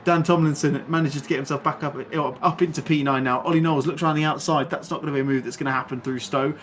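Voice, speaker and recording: A man with a fairly high voice commentates live on a sim race with rapid, excitable play-by-play. Between the action he chats and laughs often, over a faint background hiss.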